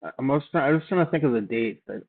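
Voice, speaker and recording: A man reading old documents aloud and adding offhand, halting remarks as he thinks aloud. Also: medium pitch, expressive. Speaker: channel host. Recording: tinny phone-like sound.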